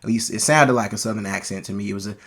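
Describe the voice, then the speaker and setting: A man's voice: lowish voice, very fast, a bit bright, slightly rough. A man giving a casual, enthusiastic movie review, talking loosely with frequent restarts and self-corrections.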